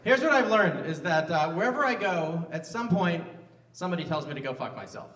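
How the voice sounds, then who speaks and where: A man's voice: on the high side, lively intonation, fairly quick, fairly bright tone, a little hiss or hum. Roomy, distant stand-up comic in his fifties. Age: 50s. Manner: self-mocking, banters with the crowd. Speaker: stand-up comedian. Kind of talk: live stand-up set. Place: large live music venue on stage. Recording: roomy venue sound from a distance.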